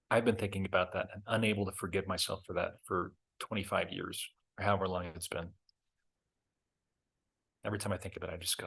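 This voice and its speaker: In a low, creaky, slightly rough voice, a middle-aged man hosts a reflective talk and tells a story. He comes across candid and self-mocking, livening up when he reenacts events.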